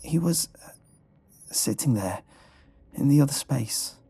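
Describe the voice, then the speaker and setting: A man voicing a frightened young female sleep-study patient who speaks in halting, broken phrases. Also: low-pitched, expressive, mellow, breathy edge, voice pushed up, heavily acted. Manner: halting, breathless, with broken restarts. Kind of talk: storybook horror narration.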